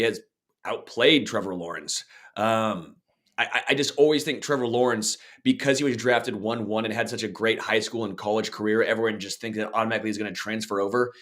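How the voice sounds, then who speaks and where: A man's voice: on the low side, fairly bright tone. A man co-hosting a sports podcast, giving blunt, opinionated takes and often repeating words as he restarts. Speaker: podcast co-host. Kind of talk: casual sports podcast chat.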